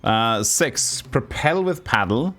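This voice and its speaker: A Norwegian man streaming a puzzle game, thinking aloud in halting, self-correcting English. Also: mid-range voice, animated, bright, forceful tone. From Norway. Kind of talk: live game commentary.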